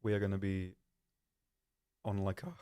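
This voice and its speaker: A man's voice: low voice, flat delivery, moderate pace, dark tone, clear, resonant tone. A man hosting a live stream, chatting casually in a rambling, self-deprecating way with lots of ums. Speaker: stream host.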